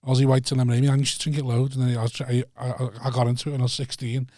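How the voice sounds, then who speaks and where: A man's voice: medium pitch, little pitch movement, rapid-fire, mellow, dry recording, studio quality. A man with a Liverpool accent, a podcast guest telling laid-back stories in casual chat and swearing freely.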